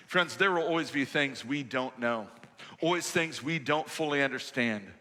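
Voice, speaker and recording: A male pastor preaching a sermon in a church sanctuary, measured and emphatic with rhetorical questions. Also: medium pitch, pushed and bright, long reverb tail.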